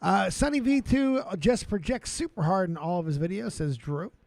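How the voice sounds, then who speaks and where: A man hosting a casual streamed chat, going off on rambling comic rants that swing from low mutters to shouting. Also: very animated, moderate pace, vocal fry. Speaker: streamer host.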